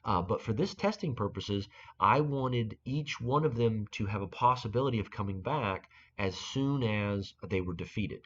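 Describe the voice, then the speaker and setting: A man with a fairly low voice walks through a software tutorial, often stumbling and restarting mid-sentence as he thinks aloud. The recording sounds dull and lo-fi, with muffled highs. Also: slight background noise. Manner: halting explanation with frequent restarts and fillers. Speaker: game-making tutorial host.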